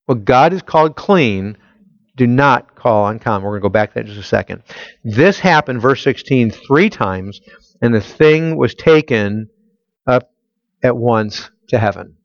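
A man's voice: mid-range voice, no echo, highs cut off. A man preaching a conversational sermon, emphatic and full of rhetorical questions to his listeners. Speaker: pastor. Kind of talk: expository sermon.

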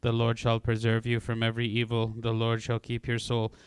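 Male prayer reader, monotone liturgical recitation, very clear dry voice. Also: medium pitch, no echo. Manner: level, measured recitation. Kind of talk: liturgical reading and chant.

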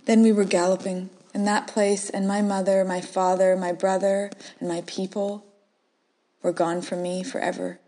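A woman reading her own first-person short story aloud, soft and measured, dropping to whispers in quiet moments. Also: medium pitch, level tone.

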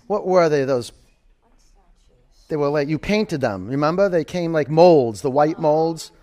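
A man's voice: fairly high pitch, animated, a little slow, warm tone. A man in his forties teaching a live yoga class, giving cues and counts with chatty, joking asides. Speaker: yoga instructor.

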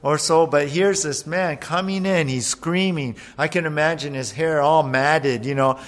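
A man preaching a sermon as pastor, animated, acting out voices as he retells a passage. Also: fairly high pitch, moderate pace. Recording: long hall reverb.

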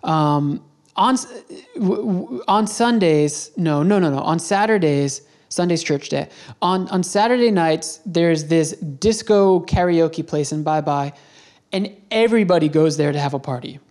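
A man's voice: a little high, a little slow, a little mellow. Man rambling through a travel story. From United States. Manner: rambling, self-correcting storyteller. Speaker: podcast host.

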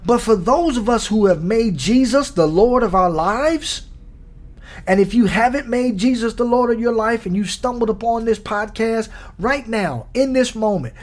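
A man's voice: extremely high pitch, normal speed. A man preaching a sermon on his podcast, exhorting his listeners with repeated questions and emphatic peaks.

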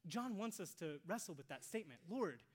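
A pastor speaks fast to a congregation in a church sanctuary, his mid-range voice expressive as he alternates booming emphasis with quiet near-whispers. He peppers his sermon with rhetorical questions.

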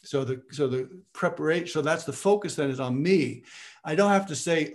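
A man's voice: on the high side, expressive, moderate pace. A man teaching in a lecture with questions from listeners, often restarting his phrases as he searches for words.

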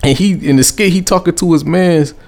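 A man from the Midwest co-hosting a podcast, chatting in an animated, profane way, with laughter breaking between his phrases. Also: a little high, brisk, gravelly. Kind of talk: casual chat.

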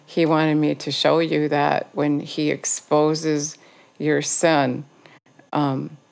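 A woman's voice: low-pitched, level tone, takes it slowly, creaky, darkish tone. A woman preaching a sermon, earnest and exhorting, repeating her points with urgency. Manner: earnest, exhorting, repetitive phrasing.

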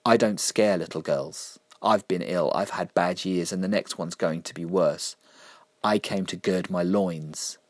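A mysterious woman from a storybook, calm and unhurried, speaking with cool, knowing certainty, as a male reader puts her on. The voice stays deep and close, in a dry recording. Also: no room sound. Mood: wry. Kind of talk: storybook reading.

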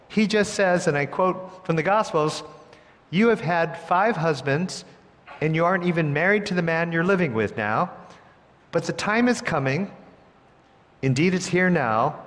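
A man preaching a sermon, with an expressive delivery that swings between hushed, gentle lines and emphatic ones. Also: a little high. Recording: long hall reverb.

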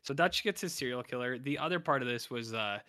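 In a brisk, sharp, mid-range voice, a man co-hosts a podcast and gives a casual recap of an episode. His talk is rambling and self-interrupting, with the characters' lines acted out.

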